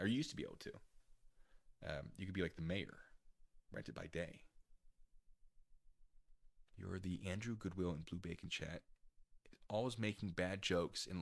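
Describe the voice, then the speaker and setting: Lively, laughing male streamer. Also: low-pitched, gravelly. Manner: giggly, chatty, rambling. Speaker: livestream host. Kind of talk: casual live-stream chat, reading chat aloud.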